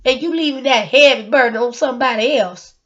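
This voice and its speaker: Woman, AAVE speaker, vlog monologue; earnest and emotional, full of repeats and rhetorical questions, slightly high voice, lo-fi recording. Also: a little fast, a bit bright. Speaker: single mother sharing her story.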